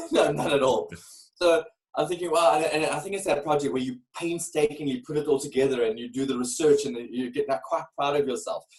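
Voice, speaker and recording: A man in his forties telling a candid personal story as a podcast guest, earnest and animated, often repeating words as he starts a phrase. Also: a little high, fairly quick, rough recording. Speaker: guest, keynote speaker.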